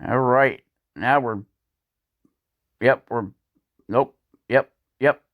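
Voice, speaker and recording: A man talks through his carving work in a relaxed, rambling manner and often chuckles as he goes. His voice sits at a mid pitch for a man. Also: drawn-out words, narrow, tinny audio. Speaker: woodcarving channel host. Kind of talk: voice-over narration of a carving video.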